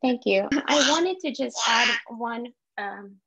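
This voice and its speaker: A woman's voice: a little high, lively intonation, slow, gravelly, fairly bright tone, breathy edge. A woman in her thirties from Azerbaijan, speaking candidly and earnestly as a participant in an online meeting, often searching for her words. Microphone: video call. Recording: lo-fi video call audio.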